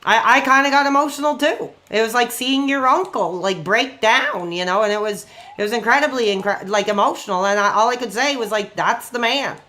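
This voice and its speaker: A man in his forties chatting casually on a live stream while gaming, excitable and rambling, quick to get worked up. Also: extremely high pitch.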